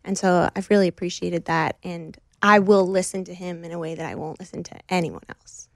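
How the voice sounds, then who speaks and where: A woman's voice: fairly low pitch, fairly even intonation, brisk, gravelly, no echo. Earnest woman, close dry sound. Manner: reflective, earnest, frequent fillers. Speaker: guest. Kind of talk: conversational interview.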